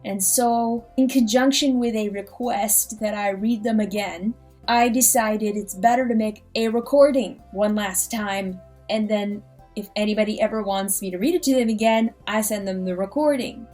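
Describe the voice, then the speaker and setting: A woman's voice: mid-range voice, moderate pace, faint music behind. A young adult woman who hosts a reading channel, talking in a casual ad-libbed way with plenty of enthusiasm. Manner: enthusiastic, animated. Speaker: audiobook reader and channel host.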